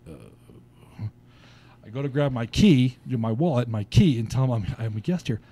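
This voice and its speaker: A man guesting on a podcast tells a story in a laid-back, casual way, swearing often and laughing as he goes. His medium-pitched voice is warm and animated, moving at a moderate pace.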